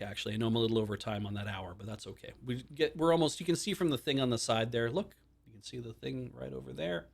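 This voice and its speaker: A man hosting a live stream, chatting casually in a rambling, animated way and acting out bits of dialogue in quick voices. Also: mid-range voice. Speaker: stream host.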